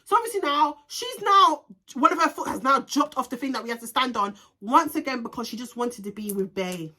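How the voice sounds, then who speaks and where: A young woman telling a storytime vlog, animated and ranting, swearing heavily and slipping in Jamaican patois slang. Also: sits high, fairly quick. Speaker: vlogger.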